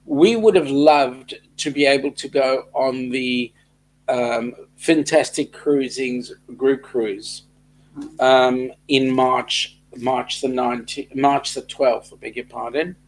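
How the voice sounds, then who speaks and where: A man's voice: mid-range voice, fairly even intonation, takes it slowly. A middle-aged Australian man co-hosting a casual livestream chat, reading out viewer comments with a joking manner. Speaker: co-host of a cruise chat livestream.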